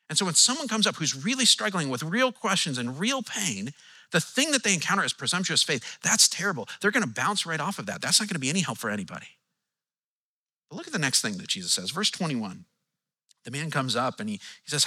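A man preaching a sermon as pastor, animated and acting out the quotes he tells with changing tones. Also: on the high side, a little fast, husky. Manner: animated, acts out quotes with shifting tone.

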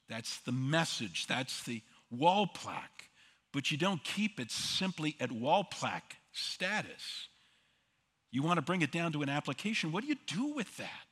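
Bright-voiced preaching man, echoing hall. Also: fairly high pitch, very animated, unhurried, breathy edge. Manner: emphatic, rhetorical questions, repeats words for stress. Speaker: pastor. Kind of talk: sermon.

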